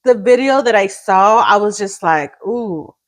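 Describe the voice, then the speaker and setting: A woman's voice: medium pitch, animated, normal speed. A woman co-hosting a casual gossip podcast, reacting chattily and slipping into Spanish. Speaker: podcast co-host.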